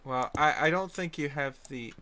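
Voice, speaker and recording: A man's voice: a little high, moderate pace, bright, forceful tone, a little hiss or hum. A man hosting a livestream chat, teasing his guest and often hesitating. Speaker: stream host.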